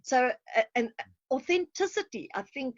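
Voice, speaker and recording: A woman's voice: sits high, sing-song, moderate pace. A woman, a guest on a video call interview, talking in a chatty, self-deprecating way and laughing often. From South Africa. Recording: dull muffled call audio.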